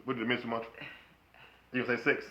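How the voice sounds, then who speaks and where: A man co-hosting a marriage podcast, talking in a playful, preachy way with bursts of loud excited laughter. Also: medium pitch, racing, muffled recording, slight background noise. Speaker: podcast co-host. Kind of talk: casual chat.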